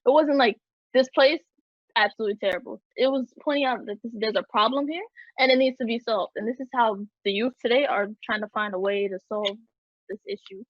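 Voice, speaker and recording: A woman's voice: a little high, fairly quick, no echo, lo-fi sound. A young woman hosting a heated casual discussion, talking emphatically with many fillers and restarts. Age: young adult. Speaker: host.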